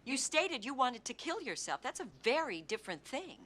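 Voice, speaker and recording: Casting: a pointed, probing prosecutor, bright voice, slightly high. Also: female voice, big pitch swings, normal speed, heavily acted. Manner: probing, pointed cross-examination. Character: sharp, relentless female prosecutor. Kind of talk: TV movie courtroom drama.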